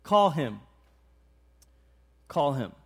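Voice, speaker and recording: A preacher voicing a tender, gentle teacher. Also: male voice, on the high side, very animated, pitched below the performer's own voice, heavily acted. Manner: soft, slow and gentle. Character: kind, tender male teacher.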